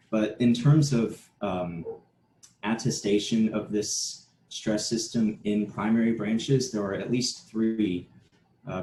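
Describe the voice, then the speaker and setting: Man, academic presenter, measured and explanatory, warm low voice, roomy recording with faint hum. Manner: measured, explanatory, with frequent fillers and restarts. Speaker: conference presenter. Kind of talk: academic conference talk.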